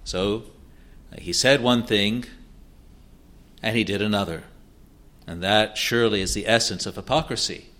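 A man preaching an expository sermon in an earnest way, asking rhetorical questions and answering them, sometimes halting and restarting. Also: on the low side, bright, forceful tone.

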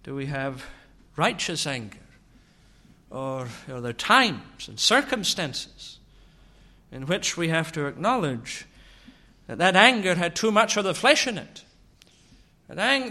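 A preacher delivers his sermon at an unhurried pace. His voice sits a little high and rings bright. He leans on slow, searching rhetorical questions. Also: lively intonation.

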